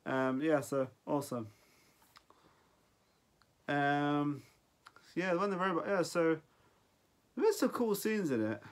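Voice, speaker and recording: A man in his forties talks through a film review off the cuff. His voice sits a little high for a man. He rambles, drops sentences halfway and starts them over. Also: animated, slow pace, pauses often. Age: 40s. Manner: rambling, loses his thread and restarts often. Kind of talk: casual unscripted film review.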